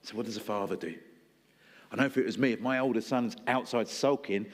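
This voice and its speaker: A man's voice: medium pitch, a little fast. A male preacher delivering a sermon in a conversational storytelling style, acting out voices. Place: church hall. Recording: long hall reverb.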